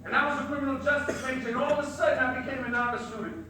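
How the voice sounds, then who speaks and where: A middle-aged man, a social worker, giving a motivational speech and telling stories with passion that rises to loud emphasis. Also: very high-pitched, steady tone, rapid-fire. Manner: impassioned storytelling, rising to loud emphasis. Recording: very echoey hall, distant mic, faint noise.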